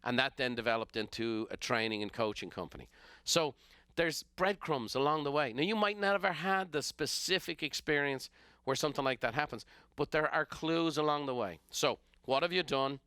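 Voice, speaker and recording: Irish guy, middle-aged, coaching podcast, lively storytelling, bright crisp voice, dry close mic. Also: mid-range voice, normal speed, no echo. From Ireland. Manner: animated storyteller who acts out characters. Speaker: business coach and podcast host. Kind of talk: storytelling motivational talk.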